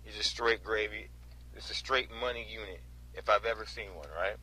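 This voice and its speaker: A man in his twenties from North Carolina casually recounting a storage auction in an animated way, often adding "right?" and "you know?". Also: fairly low pitch, normal speed, a little hiss or hum, poor audio. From North Carolina, USA. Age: 20s. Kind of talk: casual storytelling vlog.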